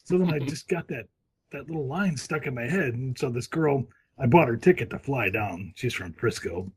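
A middle-aged man guests on a podcast, speaking in a loose, comic way and breaking into cartoon impressions and shouts. His medium-pitched voice is expressive and a bit breathy, at a moderate pace.

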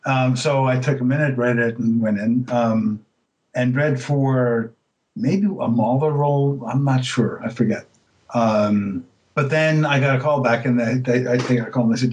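A man's voice: medium pitch, a little slow, rough recording. Hesitant man telling stories in an interview. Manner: hesitant, many fillers and restarts; relaxed storytelling, laughs easily. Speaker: voice actor, interview guest. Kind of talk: casual interview chat.

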